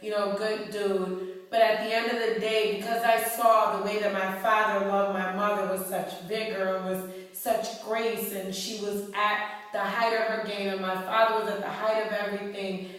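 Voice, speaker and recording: A woman's voice: medium pitch, little pitch movement, moderate pace, a bit bright. A woman from New York, an author speaking to her fans, talking bluntly and heatedly with plenty of profanity on a phone camera mic. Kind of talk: blunt personal monologue. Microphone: iPhone camera mic. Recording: echoey hall, far from the mic.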